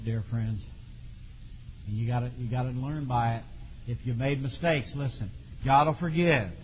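A middle-aged man preaching a sermon in a folksy, animated way, with sudden shouts. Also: on the high side, slight background noise. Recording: dull lo-fi recording in a long-reverb hall.

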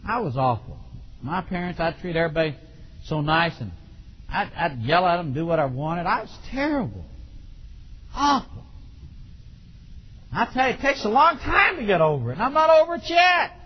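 A man preaching a sermon on raising children, acting out parents and children and bursting into shouts. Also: fairly high pitch, big pitch swings, normal speed, pauses often, breathy edge, lo-fi sound.

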